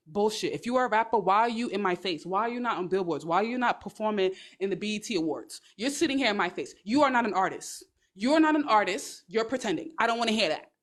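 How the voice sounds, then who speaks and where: A woman's voice: medium pitch, lively intonation, fairly quick. Blunt, sassy young woman on a livestream. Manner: blunt, sassy and profane, acting out scenarios. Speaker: live-stream host giving advice. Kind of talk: casual advice livestream. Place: at home on a phone livestream.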